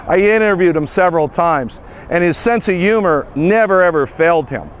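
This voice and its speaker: A man's voice: high voice, a little hiss or hum. A man from western Pennsylvania hosting a sports talk show, telling folksy stories in a scripted tribute. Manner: folksy storytelling, upbeat.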